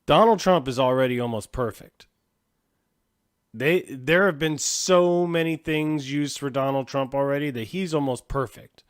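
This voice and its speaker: Guy hosting his show, casual cussing commentary on clips, mid pitch. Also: unhurried, smooth. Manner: casual, profane, laughing at clips. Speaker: host.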